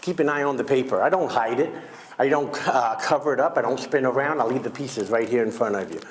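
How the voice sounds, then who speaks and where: A man's voice: mid-range voice, fast talker, slight background noise. A man performing comedic magic on a school stage, teasing his young volunteers with wisecracks. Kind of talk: comedic magic show patter.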